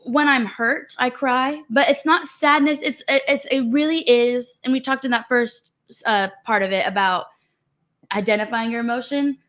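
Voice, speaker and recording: A young woman in her twenties co-hosts a podcast, chatting casually and frankly and reading out viewer comments. Her voice is on the high side and fairly bright, with a steady tone at normal speed.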